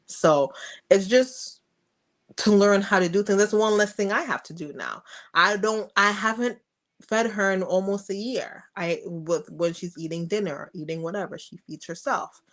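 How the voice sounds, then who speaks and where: A woman's voice: moderate pace, a bit bright. A woman on a podcast talking frankly about being a mother of a toddler, acting out her talks with her daughter in a raised voice. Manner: frank, acts out dialogue with her daughter in a high voice. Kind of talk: casual interview storytelling.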